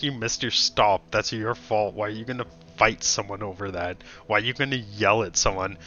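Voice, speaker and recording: Profane ranting young man, bright voice. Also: lowish voice. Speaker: streamer. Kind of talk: casual chat. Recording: dull lo-fi stream audio.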